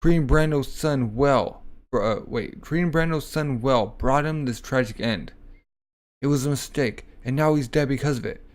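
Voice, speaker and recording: A man reading aloud the lines of a gruff, loyal, outspoken young street tough from a comic, in a plain delivery. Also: medium pitch, normal speed, natural voice. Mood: solemn.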